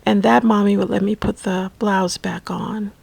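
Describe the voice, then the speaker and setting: A woman telling a personal memoir story, slow and halting, at times dropping to a soft whisper. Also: mid-range voice, flat delivery, vocal fry, breathy edge, dry recording, poor audio. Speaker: memoir narrator.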